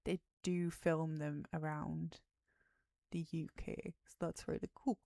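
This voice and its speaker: On a livestream, a tired, yawning woman rambles through casual chat about a film, drifting off topic and sometimes dropping to a whisper. Her voice is low, slow, gravelly, and dark, with little pitch movement and no room sound.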